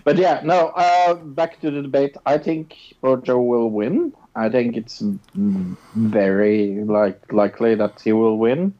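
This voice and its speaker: A man's voice: mid-range voice, fairly even intonation, unhurried, few pauses, warm tone. A man co-hosting a podcast in casual chat, hesitant and full of fillers and restarts. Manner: hesitant, full of filler sounds and repeated words. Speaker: podcast co-host. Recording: dull lo-fi recording.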